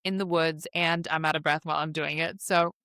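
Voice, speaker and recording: A young woman hosting a podcast in casual chat, a bit out of breath, chatty and animated, laughing often. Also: deep voice, fairly quick, no echo. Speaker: podcast host.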